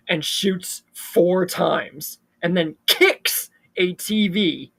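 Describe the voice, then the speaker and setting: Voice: mid-range voice, drawn-out words, creaky, few pauses, fairly bright tone. A channel host casually retelling a fan-made horror story, with loose fillers between plot beats.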